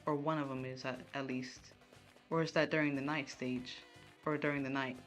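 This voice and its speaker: Low-voiced woman streaming from home, chatty, talks to chat while playing. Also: flat delivery, moderate pace, fairly bright tone, faint music behind. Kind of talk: casual live game streaming. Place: room at home.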